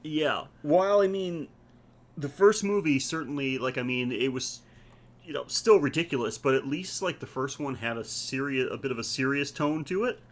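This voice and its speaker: A man co-hosting a podcast in casual chat, laid-back and halting, often laughing as he talks. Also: medium pitch. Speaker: podcast co-host.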